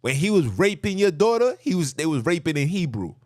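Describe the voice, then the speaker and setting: A man hosting a podcast, delivering an impassioned religious monologue with an animated, preachy manner and a habit of repeating himself for emphasis. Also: on the high side, a little fast, dry recording, studio quality. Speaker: podcast host.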